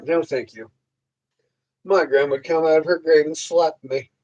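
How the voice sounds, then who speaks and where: A man's voice: fairly high pitch, steady tone, normal speed, darkish tone, dull audio. A man hosting a casual livestream, rambling and joking crudely while answering viewers. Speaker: livestream host.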